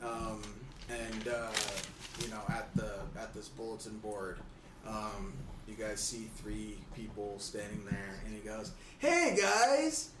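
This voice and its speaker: A man narrating as game master in a rambling, halting way full of ums. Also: lowish voice, monotone. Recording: roomy, distant mic, noisy.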